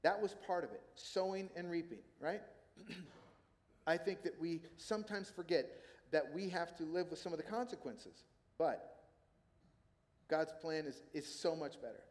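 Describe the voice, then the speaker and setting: A man preaching a sermon as a pastor, in a conversational, animated storytelling manner. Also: on the high side, moderate pace, long pauses. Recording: long hall reverb.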